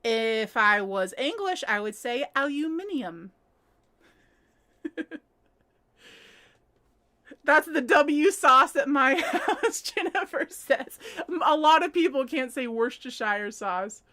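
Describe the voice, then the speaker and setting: A livestream host chats casually from home while crocheting, giggling often and reading viewers' comments aloud. Her voice sits high and is very animated, slow, bright and forceful.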